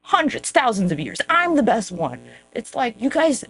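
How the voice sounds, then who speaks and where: A woman's voice: on the high side, wildly swooping pitch, moderate pace, a bit bright, a little hiss or hum. Lady podcaster rambling to her viewers, swears a lot, mocks herself. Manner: profane, rambling, self-mocking; talks straight to viewers. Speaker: podcast host. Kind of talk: casual rambling monologue.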